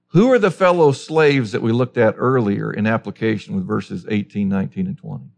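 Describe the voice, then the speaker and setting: A man's voice: medium pitch, lively intonation, normal speed, vocal fry. A man preaching a sermon as a pastor, emphatic and full of rhetorical questions.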